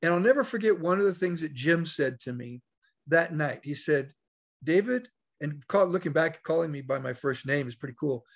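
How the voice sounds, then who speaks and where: A man's voice: a little high, animated, normal speed, vocal fry. Man telling a motivational story. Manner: folksy storyteller, acts out quoted dialogue. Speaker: network marketing leader. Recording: dull, lo-fi call audio.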